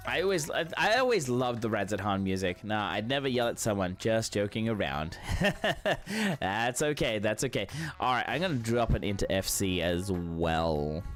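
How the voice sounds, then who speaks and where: Faint music plays behind a live game stream where a man talks casually to viewers, warm and encouraging but full of fillers and false starts. He has a lowish, expressive voice at a normal pace.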